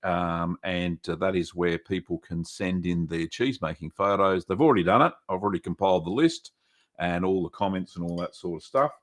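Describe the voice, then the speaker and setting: A man's voice: deep voice, moderate pace. A man with an Australian accent hosting a casual livestream, greeting viewers by name with lots of "um" and "uh". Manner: chatty, greets viewers by name, many fillers. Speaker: livestream host.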